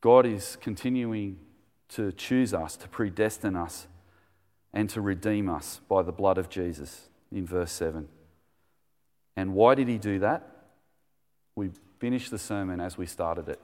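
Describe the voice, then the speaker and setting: A man's voice: deep voice, a little slow, dark tone, long reverb tail. A man preaching a sermon in a conversational, enthusiastic way, telling stories as he goes.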